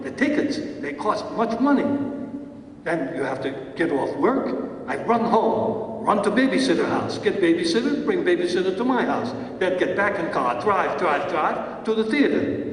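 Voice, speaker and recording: A man's voice: sits high, big pitch swings, normal speed. A man putting on a Russian accent to play an older male theater teacher who speaks broken English with emphatic repetition, heard from far off in an echoey hall. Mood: exasperated. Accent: Russian, put on. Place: large event hall.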